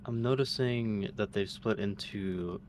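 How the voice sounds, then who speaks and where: A man running a game training session over voice chat, explaining tactics in a measured way. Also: lowish voice, darkish tone, slight background noise. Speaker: training organizer giving instructions. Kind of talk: casual voice chat during a game.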